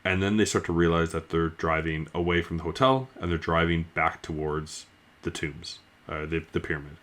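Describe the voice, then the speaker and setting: A man with a very low, deep voice recaps a book's plot in an easygoing, unscripted review. He rambles, circles back and fills the pauses with plenty of "um" and "like.". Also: flat delivery, a bit bright. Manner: rambling, loose, with frequent fillers. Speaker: book reviewer. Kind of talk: casual spoken book review.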